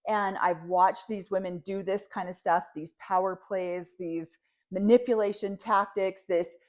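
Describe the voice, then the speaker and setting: A woman co-hosting a podcast, reacting to a reality show with animated, indignant, exasperated commentary. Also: mid-range voice, unhurried. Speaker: podcast co-host.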